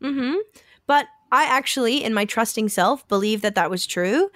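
A woman's voice: fairly high pitch, lively intonation, moderate pace, fairly bright tone, dry recording, clean studio sound. A woman co-hosting a podcast, telling a story in a chatty way and acting out what people said. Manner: chatty, acts out quoted dialogue. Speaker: podcast co-host. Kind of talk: casual storytelling chat.

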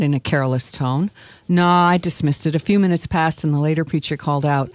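A woman's voice: low voice, fairly quick, dry recording. A woman author reading her memoir earnestly and expressively, then chatting as a guest. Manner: earnest and expressive, with filler hesitations.

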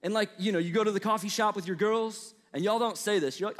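A man's voice: sits high, fast talker, few pauses, big-room sound. A young man from the Midwestern US with a light Southern twang, preaching to college students in a casual, chatty way full of fillers and asides. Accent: Midwestern American with a slight Southern twang. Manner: conversational, storytelling, lots of fillers and asides.

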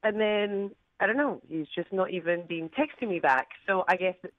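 A woman's voice: medium pitch, animated, normal speed, no room sound, narrow, tinny audio. A woman with a Scottish accent, chatting as a caller on a radio show with a giggly manner and lots of filler words. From Scotland. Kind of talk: radio call-in chat.

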